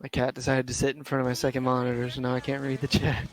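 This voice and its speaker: A man giving color commentary on a fighting game tournament from home, relaxed and joking with his partner. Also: medium pitch, fast talker, soft background music. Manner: relaxed, laughs often, joking. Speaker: esports co-commentator.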